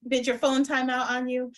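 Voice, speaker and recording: Woman psychic medium, casual guest, blunt and salty-mouthed, distant video-call audio. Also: high-pitched. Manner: blunt, swears freely. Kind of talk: casual chat. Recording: distant from the mic.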